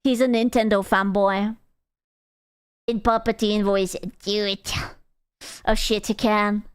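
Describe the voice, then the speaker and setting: A woman's voice: mid-range voice, little pitch movement, measured pace, smooth, no room sound, clean studio sound. A young adult woman streaming live, chatting casually with viewers in crude, teasing banter and bursts of playful squealing.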